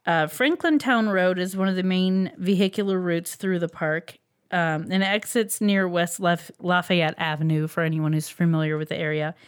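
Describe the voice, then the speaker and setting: A woman's voice: on the low side, fairly even intonation, moderate pace, clear, resonant tone. A woman co-hosting a casual podcast, reading out researched facts with frequent ums and uhs and laughing easily. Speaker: podcast co-host presenting a researched topic. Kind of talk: casual chat.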